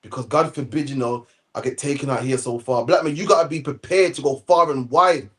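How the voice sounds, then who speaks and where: A man giving animated, slangy Bible study commentary, tagging "man" onto nearly every phrase. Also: medium pitch, a little fast. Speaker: Bible teacher.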